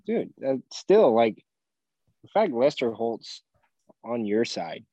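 A man's voice: medium pitch, sing-song, slow pace, mellow, no room sound, lo-fi sound. A man co-hosting a podcast, chiming in with jokes and encouragement in casual chat. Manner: joking, supportive interjections. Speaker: podcast co-host.

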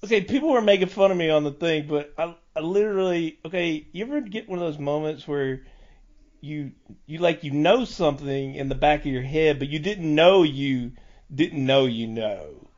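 A man's voice: on the high side, normal speed, darkish tone. A man telling rambling stories in a casual podcast chat, stumbling and restarting often. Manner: rambling, stammering storyteller with frequent restarts. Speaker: podcast co-host. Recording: dull lo-fi podcast audio.

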